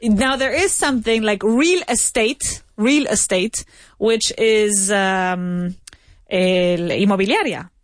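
A woman's voice: mid-range voice, slow pace, dry recording, clean studio sound. A woman teaching a conversational English lesson, patient and corrective, laughing often and slipping into Spanish to explain.

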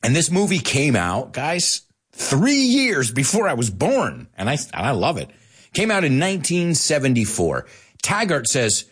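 A man in his forties, a podcast host teaching English, talking in an animated way and acting out quotes. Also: moderate pace, husky. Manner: animated, acts out quotes with big pitch jumps. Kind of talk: bilingual English lesson.

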